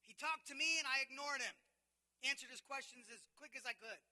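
A man preaching a sermon as pastor, telling a personal story and swinging from hushed confession to loud preaching. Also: extremely high pitch, fairly quick.

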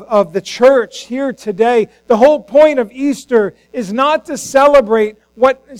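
A man's voice: extremely high pitch, dry recording, rough recording. A man preaching an Easter sermon as a pastor in church, impassioned and acting out the voices in the scripture he reads.

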